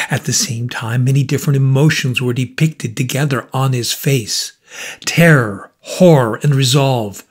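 A man reading a classic story aloud as an audiobook narrator, in a measured storytelling manner. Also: medium pitch, husky. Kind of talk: scripted narration.

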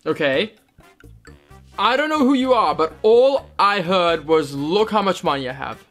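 With faint music behind him, a young horse-riding vlogger reads comments aloud and responds with dry, self-mocking sarcasm. He speaks unhurriedly in a high, slightly bright voice with lively intonation and a mixed British-American accent.

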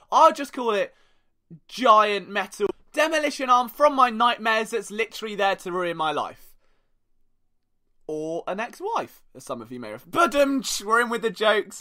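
A young man hosting a sports podcast, telling stories in a sarcastic, joking way. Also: sits high. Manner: animated, sarcastic storytelling. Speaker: podcast host. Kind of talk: casual sports podcast monologue.

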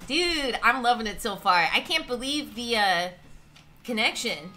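Giggly high-voiced woman streamer. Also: big pitch swings, unhurried, bright, forceful tone. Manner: giggly, playful, laughs often. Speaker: livestreamer chatting with viewers. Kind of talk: casual livestream chat.

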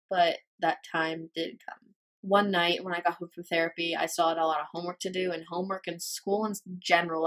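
A teenage girl with a fairly low voice that stays flat and even, with little rise or fall. She tells her story in a confessional vlog, speaking haltingly and filling her pauses with "um" and "like". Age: teens. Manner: hesitant, halting, many fillers. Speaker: vlogger.

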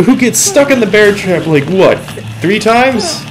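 A teenage boy giving loose, excitable commentary while playing a game, yelling at teammates and mocking himself. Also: high-pitched, measured pace, rough recording. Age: teens. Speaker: gamer. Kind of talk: let's play commentary. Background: game music.

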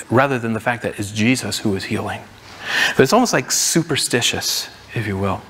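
Man, pastor, sermon, conversational, gravelly, long hall reverb. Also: mid-range voice, animated, brisk, a bit bright. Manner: conversational preaching, acts out crowd voices. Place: church sanctuary.

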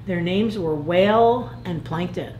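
A woman voicing a grumpy, sly crab who tells a bedtime story in a gruff, deadpan way. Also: fairly low pitch, measured pace, roomy sound, slight background noise, close to an everyday voice.

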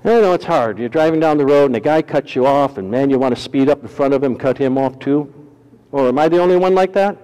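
Man, pastor, sermon, folksy humor, dramatic loud-soft swings, echoing sanctuary. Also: mid-range voice, quick pace, clear, resonant tone.

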